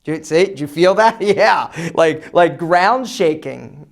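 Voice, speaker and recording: A man hosts an advice vlog, speaking straight to the viewer. His delivery is energetic and emphatic, and his pitch swings widely as he punches out his points. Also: a little slow, gravelly. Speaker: men's style channel host. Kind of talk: casual advice vlog to camera.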